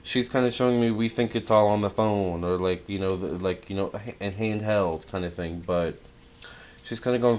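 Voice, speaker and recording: A young man talks through a spiritual tarot reading in a loose, chatty way, full of fillers and restarts. His voice sits a little low and he turns excitable. He sounds like a casual online reader talking to his audience. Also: normal speed. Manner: excitable, chatty, many fillers and self-corrections. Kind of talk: casual spiritual channeling talk.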